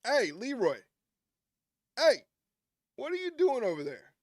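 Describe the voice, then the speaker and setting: A man's voice: very high-pitched, huge pitch swings, a little slow, dry recording, clean studio sound. A man hosting a wrestling watch-along stream, chatting casually and teasing a friend. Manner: joking, teasing a co-viewer. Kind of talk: casual live-stream commentary.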